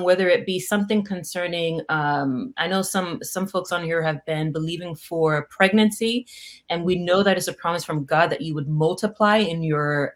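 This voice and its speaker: A woman hosting a livestream devotional, animated, greeting viewers by name and laughing often, a Haitian Creole speaker. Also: lowish voice. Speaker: prayer livestream host.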